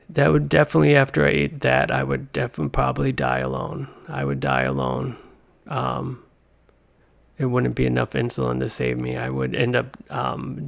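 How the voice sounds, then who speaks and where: A man hosting a comedy podcast, talking in a meandering, deadpan monologue full of tangents. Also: mid-range voice, vocal fry. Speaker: podcast host.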